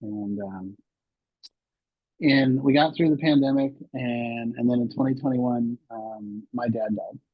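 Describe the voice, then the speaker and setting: Guest, man in his sixties: husky, candid storyteller, dry dull lo-fi sound. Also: medium pitch, measured pace, no room sound. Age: 60s. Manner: rambling, many restarts and fillers. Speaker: podcast guest.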